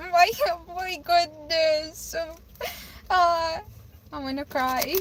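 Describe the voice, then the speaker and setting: A woman's voice: high-pitched, a bit bright, a little hiss or hum, low-quality recording. A young woman live-streaming a tarot reading, speaking emotionally, stammering and repeating herself. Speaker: livestreamer giving tarot readings.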